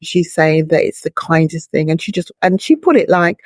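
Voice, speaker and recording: A woman's voice: low voice, moderate pace, few pauses, no echo, studio quality. A middle-aged woman speaking as a guest in an interview, earnest and heartfelt, explaining her thoughts through long, patient images. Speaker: bereaved mother, guest. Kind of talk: reflective interview talk.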